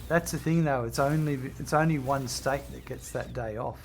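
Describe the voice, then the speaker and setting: A man's voice: mid-range voice, normal speed, gravelly, a little hiss or hum. Laid-back man streaming a game. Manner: rambling, reads out viewer chat. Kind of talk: casual chat while playing.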